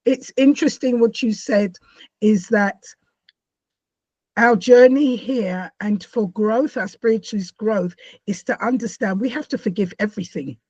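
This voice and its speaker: A woman interview host with a breathy voice, affirming her guest and sharing spiritual views. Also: mid-range voice, unhurried, darkish tone, dry recording, lo-fi sound. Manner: affirming, frequent agreement.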